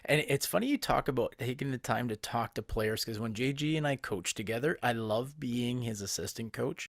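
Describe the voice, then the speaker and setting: A man co-hosting a podcast who coaches as an assistant, chatty and quick to laugh. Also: medium pitch, dry recording, clean studio sound. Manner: laughs easily, chatty and animated. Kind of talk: casual podcast conversation.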